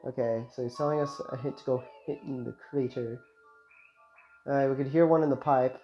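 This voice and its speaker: A man's voice: medium pitch, steady tone, a little fast, dark tone. A man giving casual, joking, rambling commentary while playing a video game. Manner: joking, rambling, self-mocking. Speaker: let's play host. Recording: slightly muffled, game music behind.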